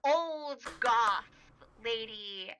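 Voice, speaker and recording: Woman game master for a tabletop game: slow, chatty and full of fillers; very bright tone, dull lo-fi sound. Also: a little high, animated. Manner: chatty, many fillers and restarts, laughs easily. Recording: dull lo-fi recording.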